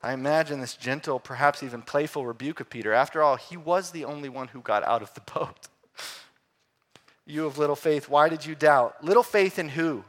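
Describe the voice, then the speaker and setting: Male preacher, slightly high voice, loud emphatic swings into near-whispered lines. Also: normal speed. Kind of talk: sermon.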